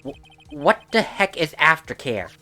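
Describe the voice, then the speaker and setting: A woman's voice: deep voice, very animated, measured pace, pushed and bright, soft background music, exaggerated voice. A woman voicing an earnest young male defense attorney who stammers when shaken. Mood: urgent. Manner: urgent, stammering. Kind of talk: fan voice-over of a game.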